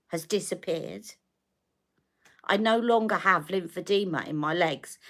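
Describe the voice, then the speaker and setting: A woman's voice: on the low side, pushed and bright. A middle-aged British woman chatting casually on a live stream, telling a long story with exasperation and acting out the dialogue. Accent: British English. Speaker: beauty live-stream host.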